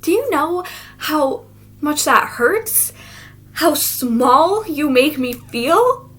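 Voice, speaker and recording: A woman's voice: high-pitched, very animated, moderate pace, fairly bright tone. A teenage girl performing a monologue as a hurt, angry young woman confronting a selfish friend, speaking bitterly. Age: teens. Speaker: student actor. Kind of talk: stage monologue.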